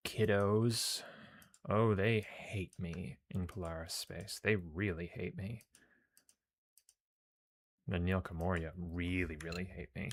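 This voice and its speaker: Male streamer, very low voice, joking and profane, casual gameplay chat, reads story text aloud. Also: fairly even intonation, takes it slowly. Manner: joking, profane, talks to himself. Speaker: game streamer.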